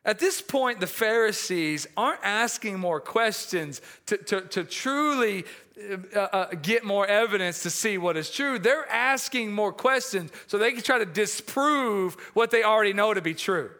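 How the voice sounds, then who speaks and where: A male preacher delivering a sermon with a high-pitched voice. His tone is bright and forceful, and he gets animated as he acts out conversations from the story, now and then laughing at his own asides. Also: measured pace.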